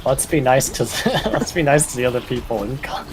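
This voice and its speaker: A man's voice: medium pitch, expressive, moderate pace, slight background noise, poor audio. A man chatting casually with friends over a co-op game, with dry and sarcastic humor. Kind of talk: casual gaming chat.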